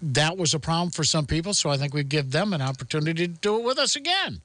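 A man's voice: on the high side, fast. A man hosting a radio talk show, bantering and joking with theatrical outbursts. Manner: excitable, jokey, theatrical outbursts.

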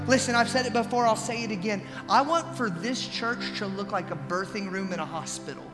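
A male pastor preaching a sermon with passion, swinging between hushed earnest lines and loud, pleading ones. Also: sits high, brisk, big-room sound, music in the background. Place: church sanctuary.

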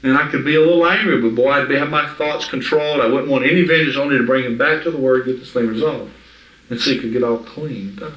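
A small group hears informal Bible teaching from a man whose medium-pitched voice is quick and a bit bright. His style is conversational and emphatic, with frequent checks for understanding, and the mic picks him up from afar in an echoey space.

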